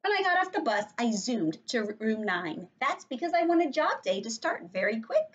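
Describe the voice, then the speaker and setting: A shrill, eager little schoolgirl from a storybook who shouts out her answers, her voice jumping high and lively, as a woman puts her on. The sound is dull and lo-fi. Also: moderate pace. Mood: excited. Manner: shrill and excited, shouting over others.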